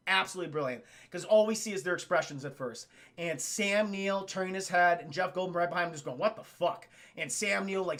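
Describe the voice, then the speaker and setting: A man streaming a casual film recap to his live chat, excitable and swearing freely as he talks straight to the viewers. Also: high-pitched.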